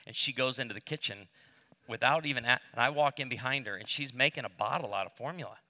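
A middle-aged pastor talks about marriage to a live audience in sermon style, weaving in funny stories and jokes at his own expense. His mid-range voice is fast, bright, and forceful, and a long reverb tail follows it.

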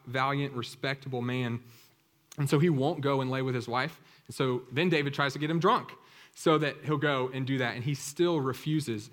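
A man delivering a sermon in a relaxed, conversational tone. He retells scripture as a lively story and keeps his voice at a middle pitch. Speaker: preacher.

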